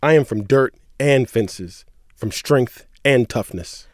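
A man co-hosting a radio show, reading poetry lines in an earnest, measured voice with a middle pitch. The recording is dry and close. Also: no room sound. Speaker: radio co-host.

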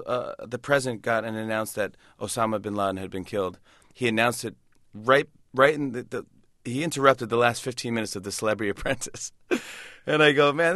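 An animated man tells quick stories as a radio interview guest, tripping over restarts as he goes. His voice sits at an average pitch for a man. The close studio mic gives a dry sound. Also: no room sound. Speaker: comedian and talk show host, guest. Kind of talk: casual storytelling interview.

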